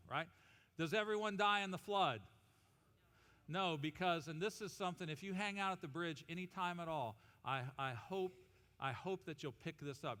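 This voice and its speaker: Brief: energetic male pastor, jokey sermon, high bright voice, big church reverb. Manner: animated, humorous, leads congregation in call-and-response. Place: church auditorium.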